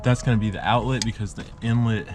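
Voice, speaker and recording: A low-voiced man narrates a hands-on engine repair in a casual, rambling way, breaking off mid-thought and talking straight to the camera. He sounds out of breath as he works. His voice comes through an action camera in a work area, with music playing clearly behind him. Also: fairly even intonation, quick pace. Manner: rambling, self-interrupting, talks to the camera. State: out of breath, sick. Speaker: car repair vlogger. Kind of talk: casual how-to narration while working.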